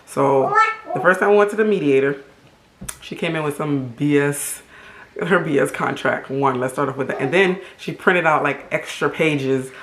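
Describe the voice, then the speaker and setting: A middle-aged woman from Haiti, telling a storytime vlog story in an animated, emphatic and indignant way. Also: low voice, moderate pace. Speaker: vlogger. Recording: roomy echo.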